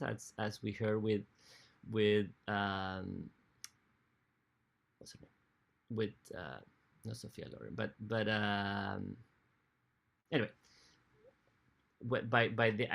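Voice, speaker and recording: A man giving a talk on opera as a music director, halting and often correcting himself mid-sentence. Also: mid-range voice, gravelly, a bit bright. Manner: halting, with frequent restarts and self-corrections. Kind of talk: lecture.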